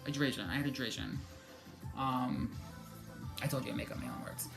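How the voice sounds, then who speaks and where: A woman's voice: very deep voice, normal speed, gravelly, music in the background. A woman vlogger giving casual spiritual motivation talk, chatty and joking, cursing freely and acting out her own reactions.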